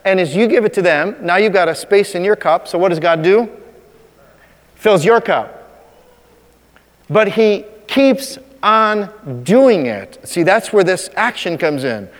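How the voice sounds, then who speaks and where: A man preaching a sermon as a pastor, talking conversationally and slowing down to stress key points. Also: high-pitched, animated, big-room sound. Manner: conversational preaching, slows for emphasis.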